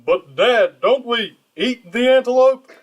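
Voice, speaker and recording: Brief: man playing an eager, very high-pitched lion cub. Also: slow pace. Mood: curious. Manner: eager, questioning. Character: young male lion cub, curious. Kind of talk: live staged script reading.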